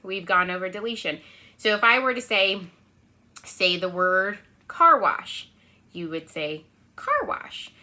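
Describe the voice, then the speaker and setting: A woman teaching a remote lesson to young children, talking in a lively sing-song way and checking in with them constantly. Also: medium pitch, a little slow. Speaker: preschool teacher.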